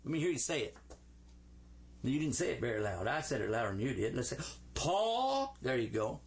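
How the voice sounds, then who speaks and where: A man teaching Arabic letters to a class, sounding out each letter slowly and playfully. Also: mid-range voice, lively intonation, breathy edge.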